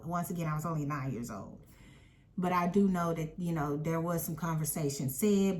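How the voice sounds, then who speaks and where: Woman, casual storytime, lowish voice, emphatic and animated.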